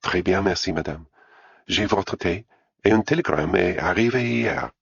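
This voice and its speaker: A man voicing a polite female housekeeper in a quiet, deferential way. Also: low-pitched, moderate pace, gravelly, breathy edge, no room sound, highs cut off, full character voice. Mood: apologetic.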